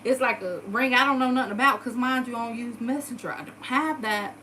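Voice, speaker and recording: Woman, 30s, brisk storyteller, swears freely, animated delivery, slightly high voice. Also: slight background noise, rough recording. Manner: animated, profane, dramatic retelling. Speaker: storyteller vlogger. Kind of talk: casual storytime monologue.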